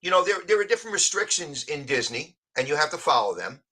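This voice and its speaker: A man with a New York accent chats on a live stream, talking in an animated, chatty way. His voice sits a bit high for a man and sounds bright and forceful. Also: fast talker, breathy edge. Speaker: guest. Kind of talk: casual live-stream chat.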